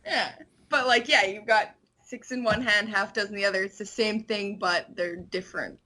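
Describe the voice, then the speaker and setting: A woman's voice: mid-range voice, normal speed, bright, forceful tone. A woman guesting on a podcast, chatting animatedly and laughing easily. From Canada. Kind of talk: casual chat.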